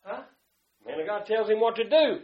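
Preacher guy, high voice, gets loud then real quiet, muffled lo-fi recording. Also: lively intonation, a little fast, echoey room. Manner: fervent, swings between loud outbursts and hushed asides. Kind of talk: sermon. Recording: dull lo-fi sound.

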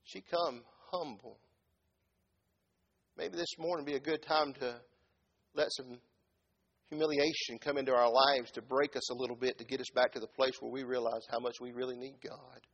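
A middle-aged man preaching a sermon in a folksy way, dropping from quiet talk to loud shouted peaks. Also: medium pitch, steady tone, normal speed, husky, dull audio.

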